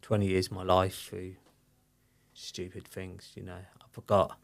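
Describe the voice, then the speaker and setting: Middle-aged guy, gravelly voice, telling his story openly with lots of ums and you knows. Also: deep voice, monotone, unhurried. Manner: open, rambling storytelling with many fillers. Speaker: podcast guest. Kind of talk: candid personal conversation.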